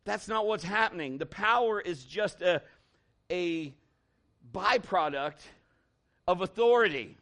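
A man's voice: high voice, lively intonation, a little slow, long pauses, a bit bright. A man preaching a sermon as pastor, working up the room with rising calls to the congregation.

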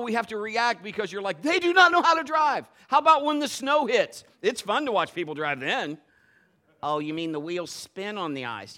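A middle-aged male pastor preaching a sermon in a lively, conversational way, acting out little quotes. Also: high-pitched.

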